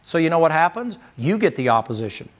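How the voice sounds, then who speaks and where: A man's voice: a little high, very animated, fast. A man preaching a sermon as pastor, folksy and emphatic, firing rhetorical questions at the congregation.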